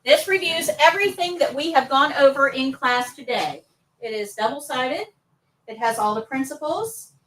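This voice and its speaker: Female instructor, high voice, upbeat classroom teaching, mic set back from her. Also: expressive, normal speed, a bit bright, recorded from a distance, slight background noise, poor audio. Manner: upbeat, coaxing students to answer. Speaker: nursing assistant instructor. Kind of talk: live classroom lesson.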